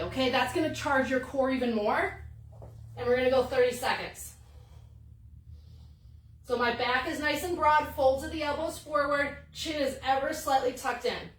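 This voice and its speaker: A woman's voice: sits high, reverberant, recorded from a distance. A woman leading a workout as a fitness instructor, upbeat and encouraging as she counts through the exercise, a little out of breath. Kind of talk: live-streamed workout coaching.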